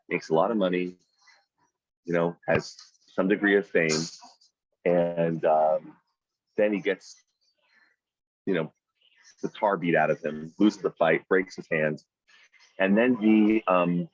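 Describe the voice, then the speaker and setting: Low husky man giving a pep talk. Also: a little slow, pauses often, dry recording, lo-fi sound. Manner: storytelling, emphatic, rising to loud high peaks. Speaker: team leader running a weekly sales meeting. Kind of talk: motivational talk on a video call. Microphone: video call microphone.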